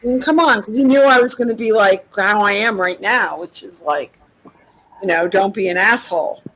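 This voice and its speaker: A woman's voice: medium pitch, moderate pace, a bit bright, rough recording. A woman angrily venting in a casual chat, exasperated and swearing often. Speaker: participant in a group chat.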